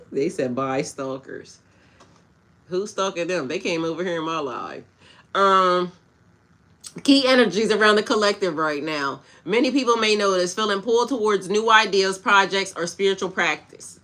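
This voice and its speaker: A woman hosts a spiritual reading stream, talking bluntly and casually to her viewers. Her voice has a bright, sharp edge, and she mixes slang with pep-talk advice. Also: mid-range voice, normal speed. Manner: casual, blunt, slangy, talks back to chat. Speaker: spiritual coach. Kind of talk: livestream tarot-style reading with chat.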